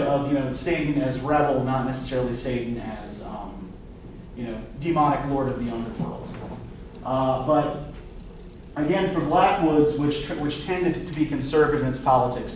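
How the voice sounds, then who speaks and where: A man's voice: on the high side, slight background noise. A man lecturing a class on literature, talking conversationally with many fillers and tag questions. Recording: echoey classroom, mic far off.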